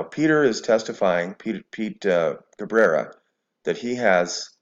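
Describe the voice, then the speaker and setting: A man's voice: lowish voice, a little mellow, muffled recording. A man giving scornful, preachy religious commentary to the camera, mixing scripture with sarcasm. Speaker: video commentator.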